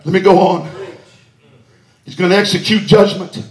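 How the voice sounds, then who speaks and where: A man from Texas shouts a passionate revival sermon in a church that rings with echo. His pitch is very high for a man and his tone steady, he keeps a moderate pace, and he fills the gaps with "uh" and "hallelujah."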